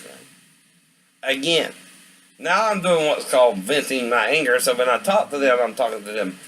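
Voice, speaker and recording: A man's voice: fairly low pitch, slight background noise, poor audio. A man vlogging at home, rambling and venting as he talks to absent people and keeps asking "right?". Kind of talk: rambling monologue to camera.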